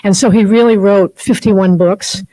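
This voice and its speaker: Woman, 50s, guest spiritual speaker: mellow tone, dry close sound, earnest and rambling delivery. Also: mid-range voice, steady tone, unhurried, no room sound, poor audio. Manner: heartfelt, rambling storytelling with many fillers. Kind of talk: personal spiritual talk to a group. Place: chapel.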